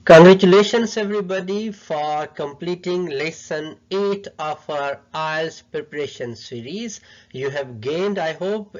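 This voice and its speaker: A man who is not a native English speaker teaching a pronunciation lesson, coaching patiently and repeating his points. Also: fairly high pitch. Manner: patient, repetitive coaching, non-native phrasing. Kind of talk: instructional lesson. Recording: dull lo-fi sound.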